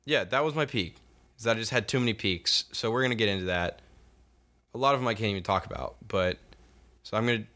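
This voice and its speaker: Bright-voiced young man telling stories. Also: lowish voice, fast. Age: young adult. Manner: rambling, profane storytelling with lots of fillers. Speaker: podcast co-host. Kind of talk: casual chat.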